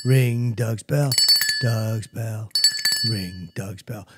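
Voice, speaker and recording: A male jingle singer drags out a sing-song closing tune very slowly, repeating it again and again. Loud noise sits behind the voice. A man puts the voice on. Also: fairly low pitch. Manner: drawn-out, sing-song repetition. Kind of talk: slow sung jingle.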